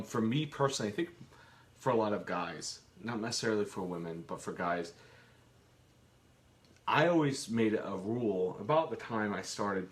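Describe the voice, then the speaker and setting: A man co-hosting a live home Q and A from his kitchen, chatting casually and rambling with jokes and restarts. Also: lowish voice. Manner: rambling, jokey, trails off and restarts. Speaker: co-host of a live Q and A.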